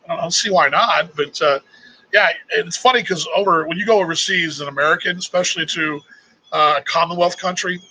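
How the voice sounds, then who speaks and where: A man's voice: a little high, quick pace, pushed and bright, breathy edge, low-quality recording. A middle-aged man from Texas with a Texan accent, hosting a casual live chat in a rambling, chatty way. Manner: rambling, chatty, restarts often. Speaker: host.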